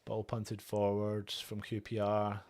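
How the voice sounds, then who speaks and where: A young man hosting a live fan watchalong, calling the play quietly and then erupting into shouts and chants. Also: fairly low pitch, completely flat delivery, slow. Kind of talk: live fan match commentary.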